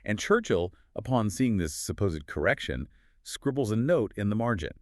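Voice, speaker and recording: A man with a very deep voice co-hosting a podcast and explaining things in a measured, wry way. He is recorded close and dry, with no room around him. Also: very animated, dry recording. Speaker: podcast co-host. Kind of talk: scripted conversational podcast.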